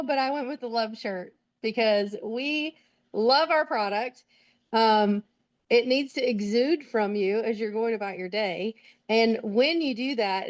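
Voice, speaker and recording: A woman's voice: on the high side, muffled recording. A woman presenting a sales plan on a video call, upbeat and explaining step by step. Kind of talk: virtual team training talk.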